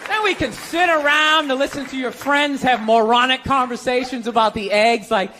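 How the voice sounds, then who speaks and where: A man's voice: extremely high pitch, normal speed, hardly any pauses, pushed and bright, a faint crowd, a little hiss or hum. A middle-aged man doing stand-up comedy, ranting in a sardonic, punchy way.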